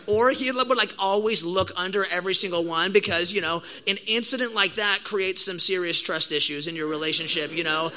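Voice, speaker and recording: A young man preaching a sermon in a high, very bright voice. He tells a story the casual way, heavy on slang and full of energy, then leans into the message. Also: fairly even intonation, brisk, hardly any pauses, rough recording. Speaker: pastor.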